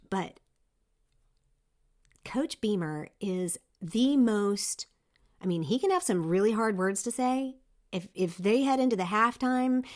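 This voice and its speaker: Middle-aged female host, slightly low voice, animated motivational delivery with restarts. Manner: lively, emphatic, with frequent restarts. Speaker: podcast host. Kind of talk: motivational leadership talk. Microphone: seen on video, single speaker.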